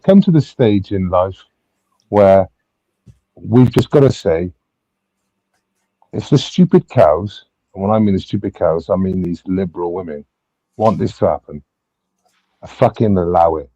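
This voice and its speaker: A British man arguing hot topics on a livestream panel, stammering and repeating himself before he lands his point, swearing freely. His voice is dark and mellow. The sound is dry and a little dull, like a lo-fi stream mic. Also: sits low, animated, unhurried, long pauses, no echo. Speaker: panel host. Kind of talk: heated casual debate.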